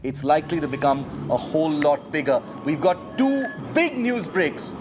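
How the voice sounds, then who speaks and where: A man's voice: a little high, big pitch swings, normal speed, noisy background. A man anchoring a live TV news interview, with emphatic, urgent delivery.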